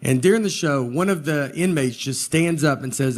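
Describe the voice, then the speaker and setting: Dry, unhurried stand-up comic. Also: male voice, a little high. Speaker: stand-up comedian. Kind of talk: stand-up storytelling.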